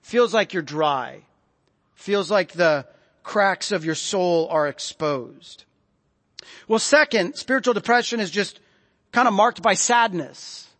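A man preaching a sermon in a conversational way, often dropping to soft, low tones for emphasis. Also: expressive, slow pace. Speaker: pastor. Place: church sanctuary. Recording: long reverb of a large hall.

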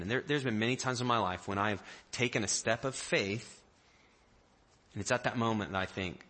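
A man preaching a sermon with a bright, ringing voice. He tells the story like a lively storyteller, jumping into the voices of the people in it. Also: fairly low pitch, normal speed. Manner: animated storyteller, acting out quotes in varied voices. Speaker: pastor.

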